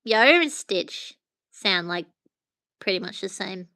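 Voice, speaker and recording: A woman streams live from her phone, chatting to viewers in a loose, rambling way. Her voice is bright and crisp. The sound is close and dry. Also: medium pitch, animated, measured pace, no room sound. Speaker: livestream host. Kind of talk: casual livestream chat with viewers.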